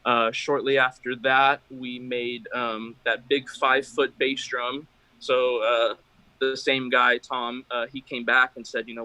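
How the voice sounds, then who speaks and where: A man with a bright, forward voice talks as a guest in a casual interview. He rambles a bit, full of fillers and false starts. His voice sounds close and dry. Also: medium pitch, little pitch movement, a little slow, no room sound, low-quality recording. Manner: rambling, many fillers and restarts. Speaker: guest, drum maker.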